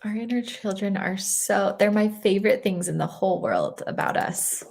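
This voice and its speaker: Gentle soothing woman guiding meditation. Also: mid-range voice, sing-song, moderate pace, gravelly. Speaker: guest speaker, energy healer. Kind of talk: guided meditation and warm talk.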